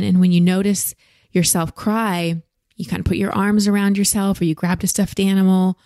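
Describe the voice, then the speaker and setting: A woman hosting a podcast, giving slow, gentle, reassuring emotional coaching to a guest. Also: medium pitch, little pitch movement, no echo, studio quality. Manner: gentle, slow, reassuring advice with soft laughs. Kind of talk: coaching conversation.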